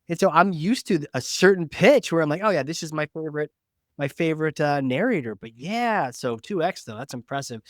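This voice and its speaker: Animated higher-voiced man podcast host. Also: dry recording, clean studio sound. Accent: New England. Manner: animated, acts out quoted voices. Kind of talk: casual interview talk.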